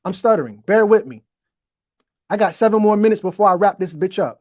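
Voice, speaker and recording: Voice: medium pitch, animated, a little fast, no echo, clean studio sound. A host giving a profane, preachy monologue to viewers, stuttering as they go, talking into a desk microphone. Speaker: online show host. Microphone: desk microphone, bumped while talking.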